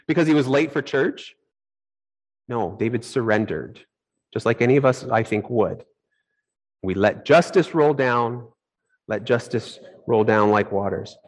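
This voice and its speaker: Animated storytelling pastor, man. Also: fairly high pitch, low-quality recording. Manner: animated storytelling, acts out his own reactions. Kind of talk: sermon with personal stories.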